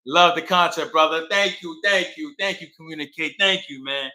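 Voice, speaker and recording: A man's voice: a little high, normal speed, bright, forceful tone, echoey room, poor audio. A man talking casually and rambling straight to his viewers on a livestream. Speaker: livestream host.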